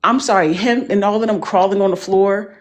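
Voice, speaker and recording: A woman talking as a panelist in casual chat, animated and emphatic, full of slang. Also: mid-range voice, fairly quick.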